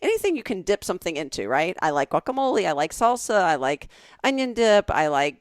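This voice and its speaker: Woman in her 40s chatting on a podcast, lowish voice, dry close sound, rambles and restarts a lot. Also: big pitch swings, a little fast, no room sound. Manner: chatty storyteller with many restarts. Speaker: podcast co-host. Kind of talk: casual chat.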